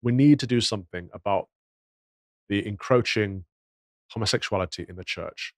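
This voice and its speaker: A man's voice: fairly low pitch, moderate pace, dry recording. A man giving indignant, moralizing commentary on news clips, full of rhetorical questions. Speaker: podcast commentator.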